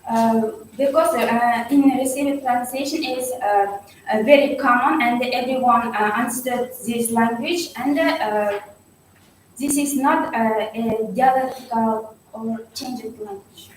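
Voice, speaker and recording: A young woman answering exam questions slowly and haltingly, with her pitch a touch raised. She is heard from far off in a very echoey hall. Faint noise sits under her voice. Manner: halting, many fillers. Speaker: student defending a thesis.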